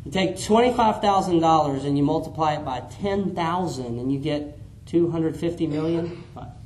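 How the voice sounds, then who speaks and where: A man preaching a sermon, animated, acting out the Bible figures in different voices. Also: on the high side, normal speed, slight background noise. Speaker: pastor. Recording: echoey room with faint ambience.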